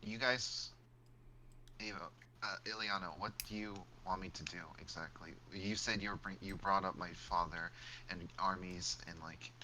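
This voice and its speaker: A man's voice: low voice, fairly even intonation, normal speed, noisy background. A man role-playing his character in a tabletop game, hesitant and unsure of himself. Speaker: player.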